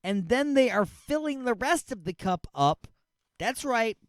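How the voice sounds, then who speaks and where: A man's voice: very high-pitched, lively intonation, a little slow, no room sound. A man hosting an internet radio show, chatting loosely and reading live ads in a rambling, upbeat way. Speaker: radio host. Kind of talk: casual radio chat with live ad reads.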